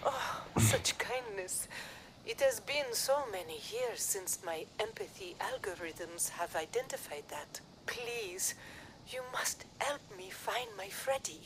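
A woman voicing a sorrowful robot nanny with a French accent, soft and pleading in a video game. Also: on the high side, big pitch swings, slow, gravelly, a little hiss or hum, full character voice, rough recording.

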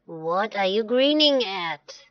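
A woman's voice: mid-range voice, lively intonation, slow, no echo. A woman voicing cross grown-up villagers who grumble and talk sarcastically. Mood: grumbling. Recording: dull lo-fi dry recording.

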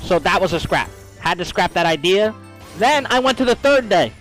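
A man's voice: sits high, expressive, normal speed, fairly bright tone, faint music behind. A man streaming a game while telling a story in casual, profane slang, calling his listeners bro.

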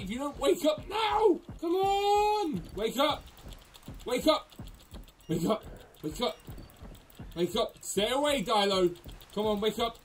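A man hosting a gaming channel, giving let's play commentary, excitable, yelping and laughing and talking to the characters on screen. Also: very high voice, slight background noise, poor audio. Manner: excitable, yelps and laughs often; talks to the game characters.

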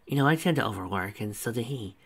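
A man voicing a nonchalant, whimsical mature woman who is a school principal, in a relaxed conversational reading. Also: mid-range voice, fast talker, creaky, slightly rough, exaggerated voice. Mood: reminiscing.

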